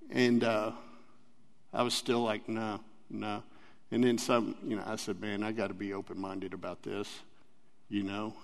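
Man, rambling church testimony, gravelly, long hall reverb. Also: lowish voice. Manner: rambling, earnest, laughs often. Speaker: church member giving testimony. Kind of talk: personal testimony.

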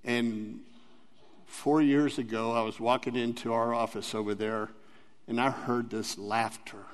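A man's voice: medium pitch, steady tone, a little slow, big-room sound. A man giving an earnest, rambling personal testimony at church and laughing often.

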